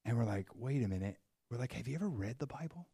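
A man preaching to a congregation, moving between soft, hushed passages and bursts of excitement as he tells his story. His voice sits in an ordinary middle pitch. The sound is dry and close, with no room echo. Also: fast, slightly rough. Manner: animated storyteller, swings from quiet to excited. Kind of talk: sermon with storytelling.

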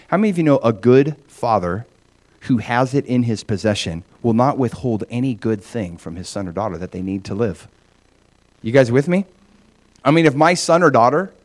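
A middle-aged man preaching a sermon, animated, often acting out voices in quotes. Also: mid-range voice. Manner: animated, acts out God's voice in quotes. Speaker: pastor.

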